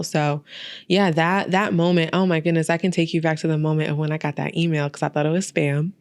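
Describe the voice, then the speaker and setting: A young woman with a fairly low voice chats on a podcast, animated and storytelling as she acts out what she and others said. The sound is close and dry, with no room around her. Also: creaky, no echo. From Albany, New York. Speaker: podcast host and guest. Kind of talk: casual interview chat.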